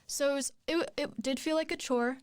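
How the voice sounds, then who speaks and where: A woman's voice: high-pitched, fairly even intonation, normal speed, dry recording, studio quality. A young woman, a podcast guest, telling her story in casual chat, rambling with many fillers and restarts.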